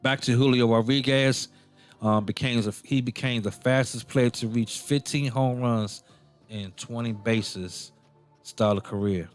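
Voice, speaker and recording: A man's voice: mid-range voice, steady tone, a little slow, faint music behind. A man hosting a casual sports radio show, rambling and playful, with many ums and self-corrections.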